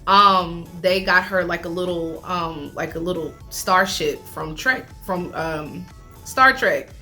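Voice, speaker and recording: A woman chatting casually as she recaps a reality show, animated, laughing often and talking with lots of fillers. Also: fairly low pitch, takes it slowly, soft background music.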